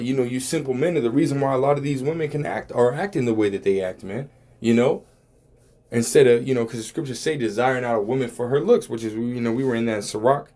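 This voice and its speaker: A man's voice: mid-range voice, darkish tone. A man giving a casual religious talk, rambling and profane, with many filler words.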